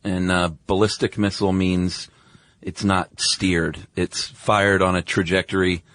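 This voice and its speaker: A man co-hosting a casual podcast chat, eager and chatty, quick to laugh. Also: low-pitched, level tone, a bit bright. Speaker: podcast co-host.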